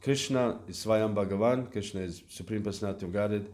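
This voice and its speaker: A man giving a devotional lecture at a temple, speaking in a halting way with fillers and restarts. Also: on the low side, a little mellow. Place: temple hall.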